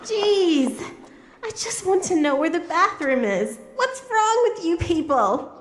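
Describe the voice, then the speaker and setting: A woman's voice: very high-pitched, very animated, takes it slowly, a little hiss or hum, exaggerated voice. A woman playing a nervous new young woman at the office in a scripted lesson dialogue, polite and apologetic. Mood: exasperated.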